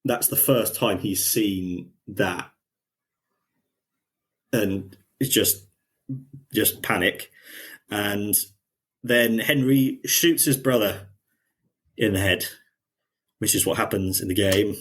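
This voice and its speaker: Man, podcast co-host, slow unhurried talk, husky voice, low pitch. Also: a bit bright. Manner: retelling scenes, quoting characters in a lighter voice. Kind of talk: casual chat.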